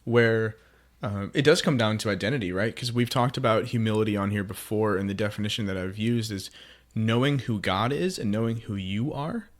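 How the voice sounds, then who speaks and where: A man co-hosting a faith podcast, talking in a relaxed, affirming way. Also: lowish voice, brisk. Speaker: podcast co-host. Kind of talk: casual faith podcast chat.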